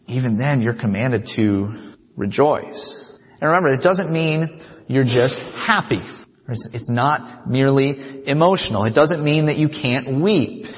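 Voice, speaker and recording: A man preaching a sermon in an earnest voice, often turning to the congregation with a quick "right?". His voice sits in a middle register and carries a long hall reverb. The sound is dull and muffled, as if recorded on a low-grade system. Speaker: pastor.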